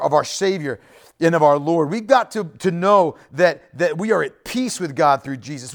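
A man preaching in a lively, swinging voice that sits a little high. He speaks straight to the congregation, often checking in with "right?" and going back over his phrases. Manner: conversational preaching, frequent "right?" asides and repeated phrases. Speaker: pastor. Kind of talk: sermon.

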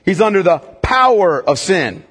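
A man's voice: high-pitched, big pitch swings, measured pace, a bit bright, husky, long reverb tail. A man preaching a sermon as pastor, emphatic and repeatedly checking in with the congregation.

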